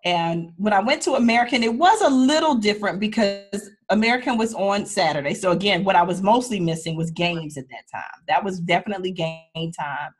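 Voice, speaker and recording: A woman's voice: medium pitch, brisk, hardly any pauses, breathy edge. A woman attorney, a guest, sharing personal stories in a candid, heartfelt way with many restarts. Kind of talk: emotional personal storytelling in a conversation.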